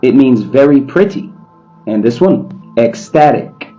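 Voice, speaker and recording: A man in a short video clip quizzes learners on words in a slow, clear teacher's voice. His tone is very dark, the sound is dull, and faint music plays beneath him. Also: mid-range voice, animated. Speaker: online English teacher.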